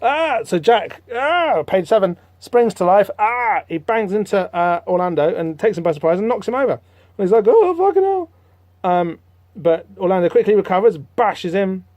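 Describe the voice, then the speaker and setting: A man hosting a podcast, rambling through a comic book issue in casual, animated commentary with lots of fillers. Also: sits high, normal speed, few pauses, no room sound. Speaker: podcast host.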